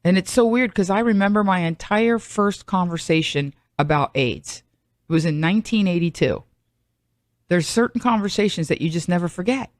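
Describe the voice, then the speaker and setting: A woman's voice: lowish voice, lively intonation, moderate pace, dry recording. Chatty woman podcast host, dry sound. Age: middle-aged. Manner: chatty, rambling, self-mocking asides. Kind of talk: solo comedic monologue.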